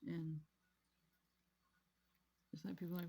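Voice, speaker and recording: A woman's voice: fairly low pitch, expressive, normal speed, creaky, long pauses, mellow, slightly rough. A woman vlogging casually about her craft hobby, rambling and repeating herself in an easygoing way. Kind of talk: casual chat while crafting.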